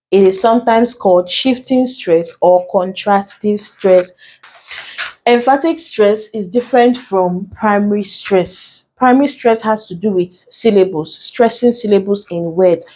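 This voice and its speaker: A woman with a mellow, warm voice teaches an English exam tutorial. She explains patiently, goes over key points more than once, and slows right down when dictating notes. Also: medium pitch, low-quality recording.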